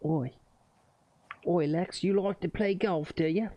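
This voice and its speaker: A man's voice: high voice, takes it slowly, dull audio. A man voicing a cheeky British male golf buddy who teases and needles, recorded with noticeable noise. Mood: teasing. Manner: teasing, needling.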